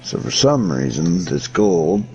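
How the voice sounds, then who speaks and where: A man's voice: low-pitched, big pitch swings, unhurried, dark tone, highs cut off, faint music behind. A man chatting casually while he paints, cracking crude jokes and swearing freely. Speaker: hobbyist painting miniatures. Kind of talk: casual chat while working.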